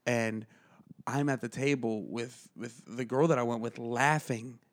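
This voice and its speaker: A man's voice: medium pitch, unhurried. A man co-hosting a podcast, telling a story in casual chat, rambling and full of filler words. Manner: rambling, full of "like", mimics people in quoted bits. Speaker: podcast co-host.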